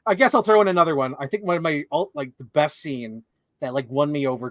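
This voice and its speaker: A young man co-hosting a casual movie chat, rambling and swearing, quick to laugh. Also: medium pitch, lively intonation, fairly bright tone, dry recording. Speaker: podcast co-host.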